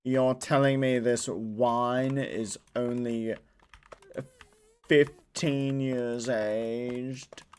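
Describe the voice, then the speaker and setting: A man voicing a snobby rich male restaurant critic with a drawn-out, posh, snooty accent. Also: mid-range voice, fairly even intonation, clear, resonant tone. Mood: disdainful.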